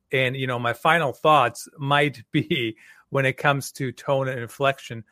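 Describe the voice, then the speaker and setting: A man's voice: medium pitch, a little slow, bright, forceful tone, no room sound, studio quality. A man hosting a podcast interview, talking in a firm, direct way. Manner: firm, direct, can sound like a drill sergeant. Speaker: podcast host.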